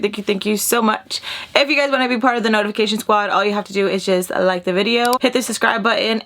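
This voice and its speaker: Young woman, raspy voice, lively casual storyteller vlogging from an RV. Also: mid-range voice. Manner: chatty, animated, swears freely. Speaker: YouTuber telling a story. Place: inside a parked RV with a fan running.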